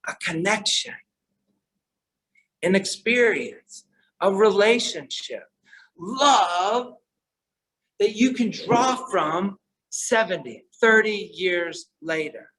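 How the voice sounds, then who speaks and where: A man with a high, bright voice delivers a storytelling conference speech. His tone is earnest and shifts between soft, quiet passages and emphatic ones. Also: slow pace, pauses often, rough recording. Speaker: keynote speaker.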